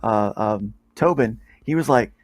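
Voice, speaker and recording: A man's voice: lowish voice, unhurried. Rambling man hosting a podcast panel. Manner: rambling, restarts often, animated when telling stories. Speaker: podcast host. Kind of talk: casual panel chat, storytelling.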